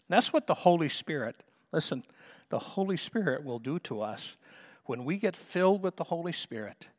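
A middle-aged man preaching a sermon, fervent and emphatic, slowing down to stretch key phrases and rising to loud peaks. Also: on the high side. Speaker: pastor.

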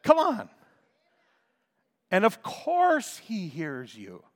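An older man preaching a sermon as a pastor, swinging between hushed talk and impassioned shouts. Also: sits high, wildly swooping pitch, drawn-out words, big-room sound.

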